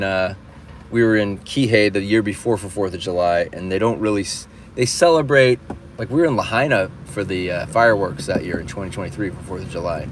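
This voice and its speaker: Low-voiced man telling a story. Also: a little hiss or hum. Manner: animated, restless retelling with many restarts and swearing. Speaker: livestream host. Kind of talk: casual storytelling.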